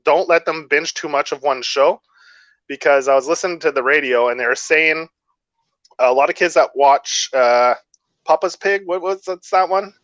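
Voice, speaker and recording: A man's voice: on the high side, moderate pace, a bit bright, dry recording. A man co-hosting a podcast in casual chat, earnest and rambling as he gives advice. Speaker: podcast co-host. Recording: dry, slightly dull lo-fi audio.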